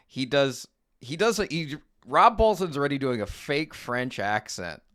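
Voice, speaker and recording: A male podcast co-host talking in a loose, rambling way, breaking into laughter and piling on asides. His pitch swings widely as he talks. The tone is bright and forward. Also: animated, measured pace. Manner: rambling, laughs often, interjects. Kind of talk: casual chat reviewing a cartoon.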